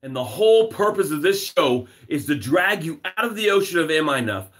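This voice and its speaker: Guy doing a motivational livestream from home, repeats his lines hard, reads out comments, pitch jumps all over. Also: animated, normal speed. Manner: emphatic and repetitive, reads viewer comments aloud. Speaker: success coach hosting a live broadcast.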